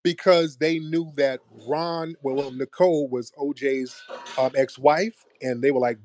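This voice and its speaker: A man's voice: medium pitch, steady tone, measured pace, a little mellow. A man hosting a heated debate, pressing his points insistently. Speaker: host.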